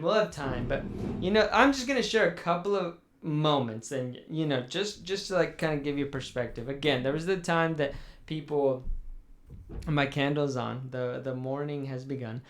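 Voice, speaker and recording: A man's voice: on the high side, normal speed. Rambling young man, swearing as he vents. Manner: rambling, profane, mock-mournful. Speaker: podcast host. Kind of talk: casual chat.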